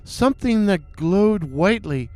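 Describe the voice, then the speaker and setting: A man reads an eerie listener account at an unhurried pace, his voice smooth and resonant, a touch higher than most men's. The recording is close and completely dry, with no room sound, and he drops in flat, deadpan asides between the dramatic passages. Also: dry recording. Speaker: narrator. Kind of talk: reading listener stories aloud.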